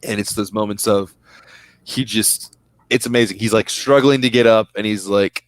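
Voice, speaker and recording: A man's voice: on the low side, fairly even intonation, normal speed, no echo. A young man co-hosting a casual fan podcast, rambling enthusiastically and tripping over his words. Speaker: podcast co-host.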